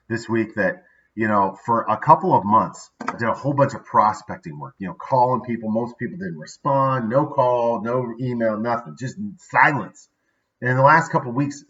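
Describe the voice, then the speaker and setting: A man's voice: medium pitch, bright, forceful tone, far from the mic, highs cut off. A man hosting a daily motivational video, talking casually and upbeat, checking in with "right?" asides.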